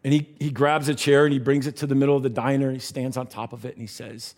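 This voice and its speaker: A man's voice: mid-range voice, level tone, fast, a little mellow. A man preaching a sermon, telling a story in a conversational way and dropping his voice at tender moments.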